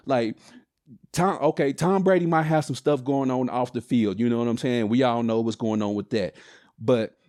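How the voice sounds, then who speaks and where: A man hosting a casual sports podcast, ranting in an animated, exasperated, slangy way. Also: medium pitch. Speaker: podcast host. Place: home, recording a podcast on camera.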